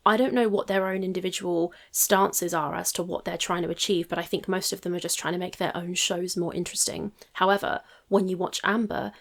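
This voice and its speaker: Gravelly-voiced woman doing skeptical commentary. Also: on the low side, fairly even intonation, fairly quick, hardly any pauses. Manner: skeptical, thinking aloud with hedges. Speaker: reaction channel host. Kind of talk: casual commentary.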